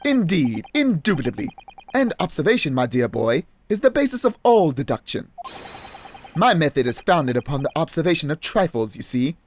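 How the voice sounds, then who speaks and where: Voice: mid-range voice, sing-song, normal speed, a little hiss or hum, lightly acted. A player voicing a pompous, eccentric British male detective in a put-on British accent, in a grandiose, theatrical manner. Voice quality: grandiose, theatrical, over-enunciated. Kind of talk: let's play voice acting.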